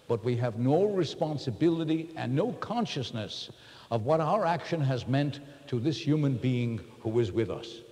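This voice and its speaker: A man's voice: medium pitch, mellow. A man giving a personal, confessional talk to a live group, earnest and reflective as he speaks to the room. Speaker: workshop speaker. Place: large room with an audience. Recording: reverberant hall.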